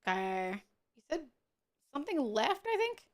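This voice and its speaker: High-pitched woman gaming streamer, bouncy voice, swears a lot and cackles. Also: sing-song, normal speed. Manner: profane, joking, loud laughs. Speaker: VTuber streamer. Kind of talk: casual gaming stream chat.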